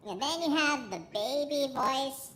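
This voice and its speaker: A man talking through a high "baby" voice-changer preset with added echo, joking around. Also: animated, unhurried, bright, forceful tone, slight background noise, full character voice. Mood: goofy. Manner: goofy, joking. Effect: pitch-raising voice changer with added echo.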